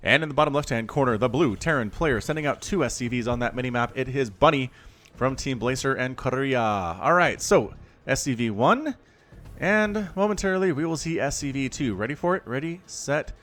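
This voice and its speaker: A man's voice: medium pitch, lively intonation, a little fast, fairly bright tone. A man casting a strategy game match on his own, chatting straight to his viewers as he explains the play. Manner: chatty, addresses viewers directly. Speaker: esports caster. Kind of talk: solo game commentary.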